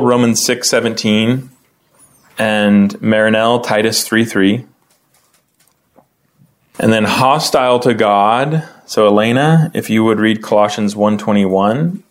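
Chatty man teaching a Bible class. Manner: conversational, calls on people by name to read; lively, often rising in pitch when explaining.

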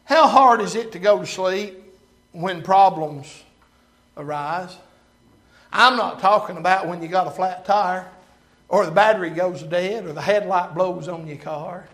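High-voiced preacher, big swings. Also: male voice, a little slow. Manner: swings from loud preaching to hushed low tones. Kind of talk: sermon.

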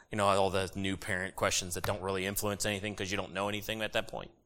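A middle-aged man preaching a sermon, animated and jokey with sudden loud bursts. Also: fairly low pitch, quick pace, smooth. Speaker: pastor.

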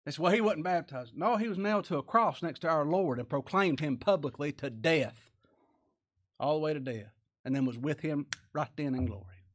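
A preacher delivers his sermon with a voice a touch higher than most men's. He keeps climbing into loud, ringing emphasis, then falls back into hushed asides. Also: normal speed. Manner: preaching with sudden rises in pitch and volume, dropping to quiet asides. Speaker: pastor.

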